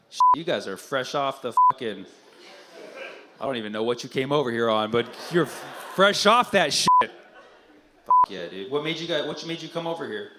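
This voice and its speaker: Teasing, profane comedian doing crowd work. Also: male voice, medium pitch, very noisy. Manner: teasing, profane, quick banter. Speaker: stand-up comedian. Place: comedy club stage.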